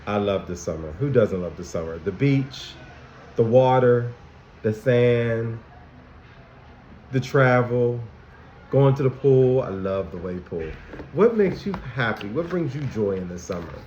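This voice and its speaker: Animated man talking to small children. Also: mid-range voice, measured pace, slight background noise. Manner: animated, asks children many questions. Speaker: school counselor. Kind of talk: lesson for young children. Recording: dull, echoey room recording.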